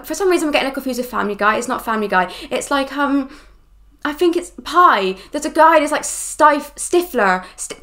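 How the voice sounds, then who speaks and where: A woman's voice: high-pitched, fairly bright tone. A woman hosting a reaction video, chatting casually and rambling with lots of "like". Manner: chatty, rambling, full of "like" and "do you know what".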